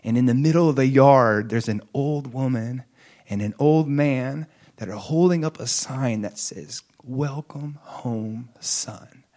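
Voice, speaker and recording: A man preaching, telling a story and acting out the characters' words, swinging between hushed lines and raised, pleading ones. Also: medium pitch, unhurried. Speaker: pastor. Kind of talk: sermon storytelling.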